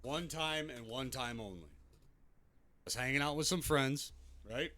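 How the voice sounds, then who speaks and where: A man's voice: medium pitch, measured pace, pushed and bright. A man streaming a tactical shooter, telling stories in casual chat and swearing freely between callouts. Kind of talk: casual gaming chat and storytelling. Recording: noisy game stream audio.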